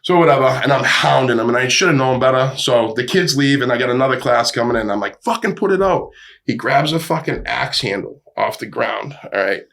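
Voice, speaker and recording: A man, a podcast guest and boxing gym owner, telling stories in a profane, animated way. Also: medium pitch, brisk, vocal fry, few pauses. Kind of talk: casual storytelling.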